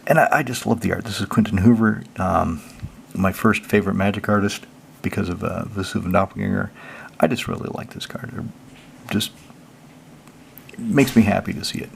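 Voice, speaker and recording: A man hosting his own channel, reading out card text and then explaining it in a relaxed, chatty way. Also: low voice, moderate pace, vocal fry, long pauses, a little hiss or hum. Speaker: channel host. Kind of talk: casual card deck walkthrough.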